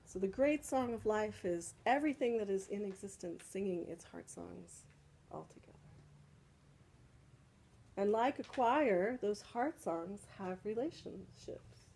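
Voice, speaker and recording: A woman's voice: mid-range voice, expressive, a little slow, a little mellow, breathy edge, poor audio. A woman leading a casual salon discussion, explaining patiently and often checking in with "right?". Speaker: spiritual teacher leading a salon. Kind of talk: casual group discussion teaching.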